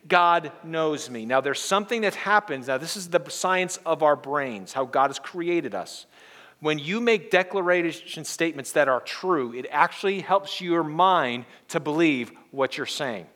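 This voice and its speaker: A male pastor preaching a sermon in an earnest way, moving between hushed and emphatic delivery and leading the congregation in call-and-response. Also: a little high, lively intonation, measured pace.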